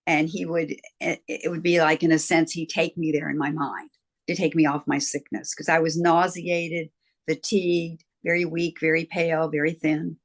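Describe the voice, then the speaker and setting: Brief: older woman guest, reflective storyteller, slightly low pitch. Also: flat delivery, normal speed. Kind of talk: interview storytelling.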